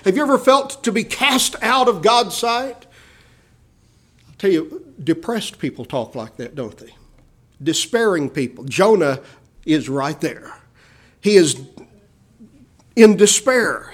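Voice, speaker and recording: A male preacher giving a sermon with dynamic swells and hushed drops, often calling his listeners beloved. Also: a little high, expressive, unhurried.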